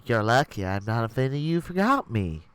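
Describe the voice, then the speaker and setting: A man's voice: medium pitch, big pitch swings, normal speed, fairly bright tone, clear, resonant tone, dry recording. Man doing a sly young hero with a Southern drawl. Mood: teasing. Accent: put-on Southern US. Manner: playful drawl. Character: charming young male hero, sly and teasing.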